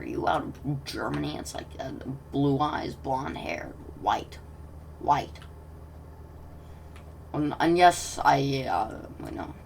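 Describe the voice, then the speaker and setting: Low, gravelly woman rambling over gameplay. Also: recorded from a distance, a little hiss or hum. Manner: rambling, self-interrupting, drops to soft mutters. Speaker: gaming commentator. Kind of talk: casual gameplay commentary.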